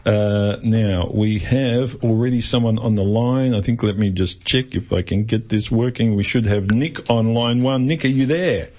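A man's voice: on the low side, normal speed, hardly any pauses, darkish tone. A man with an Australian accent hosting a community radio show, chatting and joking casually with guests and listeners between fillers. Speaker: radio host.

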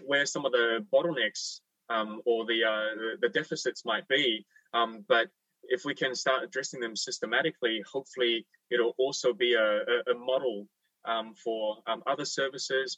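An Australian man hosting a talk radio panel, with a bright, forceful voice. He is chatty and optimistic, and he pauses often with "um" and "you know" while he thinks aloud. He sits a little back from the microphone in a dry room. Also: mid-range voice, no room sound, far from the mic, lo-fi sound. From Victoria, Australia. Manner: chatty and upbeat, thinks aloud with many fillers. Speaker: radio host.

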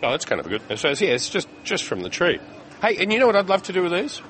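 A man hosting a casual chat at an outdoor market, jokey and quick with asides. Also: high voice, huge pitch swings, fairly bright tone.

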